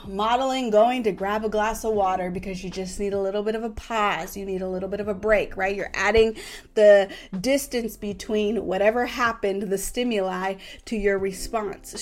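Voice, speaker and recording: A woman in her thirties hosting a parenting talk, animated and casual, who keeps checking in with "right?". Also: medium pitch. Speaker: parenting podcast host.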